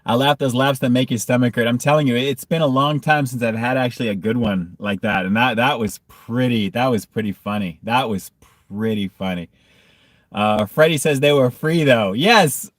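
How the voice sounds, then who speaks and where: A man's voice: medium pitch, moderate pace, dry recording, clean studio sound. A man hosting a casual food review livestream, reading chat comments and often breaking into hard laughter.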